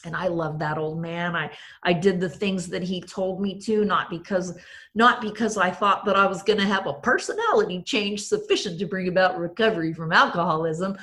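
A woman with a fairly low, slightly bright voice speaks at a moderate pace with fairly even intonation. At a recovery meeting, she gives a funny, self-mocking account of her recovery, often speaking straight to the room.

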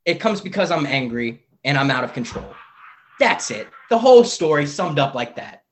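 A man's voice: a little high, big pitch swings, moderate pace, a little hiss or hum. A man candidly sharing his recovery story on a video call, rambling and self-mocking, swearing casually.

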